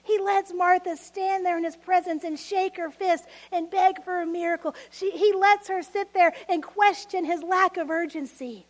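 A woman preaching a sermon, expressive and laughing often, acting out voices of people from the story. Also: extremely high pitch, moderate pace, few pauses.

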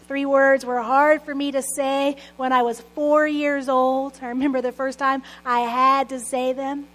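A woman pastor in her late thirties with a bright, high-pitched voice preaches earnestly. She mixes prayer with personal stories and soft laughs. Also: low-quality recording. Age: 30s. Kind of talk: sermon.

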